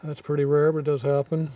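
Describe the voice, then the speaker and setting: A man with a scratchy, sore throat reading viewer comments in a casual, offhand way, clearing his throat often and muttering asides. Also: on the high side, mellow, no room sound, far from the mic.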